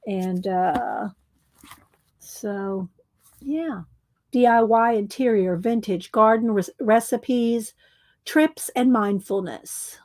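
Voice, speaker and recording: Woman, middle-aged, craft vlogger, slow-paced, rambling, chatty, dry close sound. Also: medium pitch, a little mellow, dry recording. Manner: chatty and rambling, with many fillers and asides. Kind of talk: casual craft show-and-tell.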